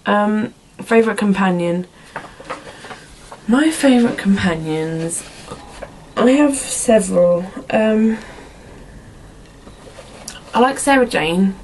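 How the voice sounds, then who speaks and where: A woman's voice: mid-range voice, expressive, takes it slowly, long pauses, a little mellow, slight background noise, low-quality recording. A young woman answering viewer questions in a casual vlog, rambling and filling her talk with "like" and "um" in a put-on accent. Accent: put-on accent, not her own. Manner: rambling, lots of "like" and "um".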